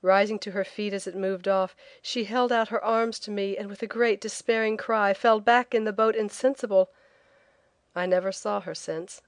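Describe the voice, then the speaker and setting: A woman reading a travel memoir as an audiobook narrator, telling it in a clear, lively way. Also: mid-range voice, normal speed, dry recording, clean studio sound.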